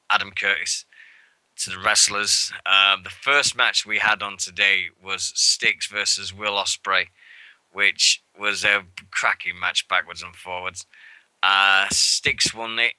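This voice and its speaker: A man co-hosting a wrestling radio show, chatting casually and excitably, swearing and acting out moments. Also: lowish voice, smooth, dry recording, low-quality recording. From England. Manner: rambling and excitable, swears freely, acts out moments. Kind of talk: casual show recap chat. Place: radio studio.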